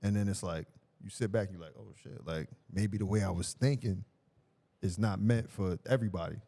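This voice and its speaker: A man's voice: lowish voice, fairly quick, dark tone. A man from New York with a New York accent, co-hosting a podcast and telling stories in a laid-back, casual way. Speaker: podcast co-host. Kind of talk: casual chat.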